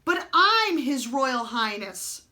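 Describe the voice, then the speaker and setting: A woman voicing a haughty, spoiled young prince who speaks high, shrill and indignant. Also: sing-song, slow, bright, forceful tone, exaggerated voice.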